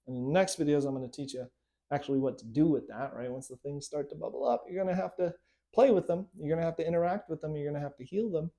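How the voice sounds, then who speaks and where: A man's voice: on the high side, fast talker, warm tone. A man, a hypnotist and coach, giving a conversational lesson to camera and checking in often with "right?" and "okay?". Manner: conversational, repeating tag questions like right and okay. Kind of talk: instructional talk to camera.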